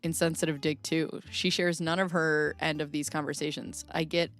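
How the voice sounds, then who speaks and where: A woman's voice: deep voice, flat delivery, normal speed, soft background music. A woman hosting a casual commentary video, reading viewer comments and chatting, laughing between thoughts. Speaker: commentary host.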